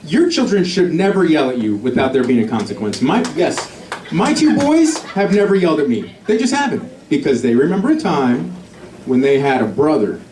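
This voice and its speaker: A man's voice: fairly high pitch, sing-song, normal speed, far from the mic, noisy background. A middle-aged man doing a stand-up comedy set, telling a family story and acting out the voices of the people in it. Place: comedy club stage before a laughing audience. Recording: roomy live club recording with crowd laughter.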